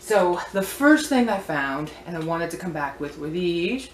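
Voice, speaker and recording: A woman's voice: on the low side, lively intonation, normal speed, slight background noise. A woman who sells vintage antiques, showing off her finds in a chatty, playful, wandering way. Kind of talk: casual show-and-tell vlog. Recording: echoey room.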